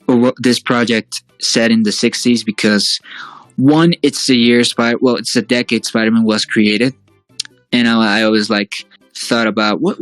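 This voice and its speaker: A man chatting as a guest, often pausing to restart his thoughts and hedging as he goes. His voice sits dry and close, with faint music in the background. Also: medium pitch, dry recording, poor audio. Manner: hesitant, full of fillers and restarts. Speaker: guest, fan-series creator. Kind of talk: casual interview chat.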